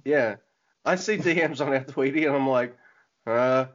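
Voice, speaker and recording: A man's voice: mid-range voice, normal speed. A man co-hosting a podcast in casual chat, rambling and breaking off his own sentences. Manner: rambling, self-interrupting and casual. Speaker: podcast co-host. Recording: dull lo-fi audio.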